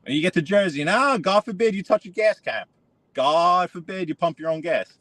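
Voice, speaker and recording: A man's voice: sits high, animated, fairly quick, a bit bright, dry recording. A man, ranting sarcastically on a live stream while driving his car. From New York. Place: inside a car.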